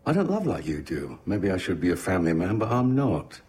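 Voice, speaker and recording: A man doing a deep, cold, soothing talker. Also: slight background noise. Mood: coaxing. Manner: slow, calm, intimate. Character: cold, composed middle-aged man, menacingly soothing.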